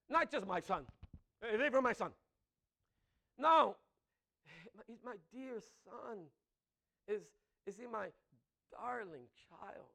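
Impassioned high-voiced male preacher. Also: creaky. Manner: impassioned, swings from loud emphatic to soft intimate; laughs between points. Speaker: pastor. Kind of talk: sermon.

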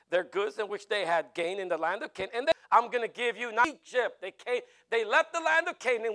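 A man preaching a sermon in an animated way, with jokey asides. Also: high-pitched.

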